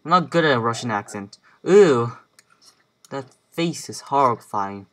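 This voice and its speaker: A man's voice: mid-range voice, animated, a little slow. A young man giving casual gameplay commentary, muttering to himself as he plays and sounding playfully bossy. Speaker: let's play gamer.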